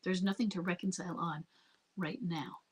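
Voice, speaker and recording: A middle-aged woman answering questions in a live Q&A as a marriage coach. She talks calmly and earnestly and often repeats herself. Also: lowish voice, normal speed, breathy edge. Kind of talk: live Q&A advice.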